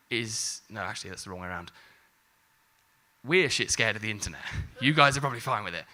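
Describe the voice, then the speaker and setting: Bloke in his 40s doing a conference talk, lowish voice, sharp and punchy, jokey and a bit sweary. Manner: jokey, casual, swears lightly, acts out exchanges. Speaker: conference speaker. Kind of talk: live marketing talk.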